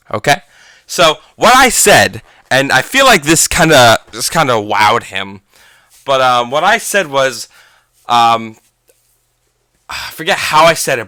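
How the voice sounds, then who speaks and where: This gaming vlogger is a teen boy with a medium-pitched, bright voice that comes across forceful yet smooth. He casually spins a long, wandering tale, stopping to fix his own words, all captured in a dry recording.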